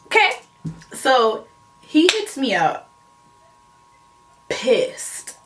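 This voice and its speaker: Animated young woman telling a story. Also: high-pitched, drawn-out words, noisy background. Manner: animated, laughing, slangy retelling. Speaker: vlogger. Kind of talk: casual storytime.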